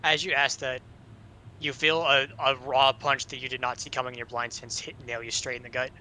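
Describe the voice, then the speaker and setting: A man narrating as game master of an online tabletop game, relaxed and hesitant with fillers. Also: medium pitch, a little fast, poor audio.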